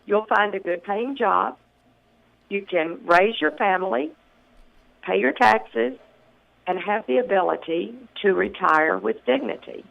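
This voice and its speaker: A congressional candidate from Tennessee in their sixties, giving earnest, measured campaign answers in a radio interview, with many ums and restarts and a slightly rough early-morning voice. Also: mid-range voice, phone-quality sound.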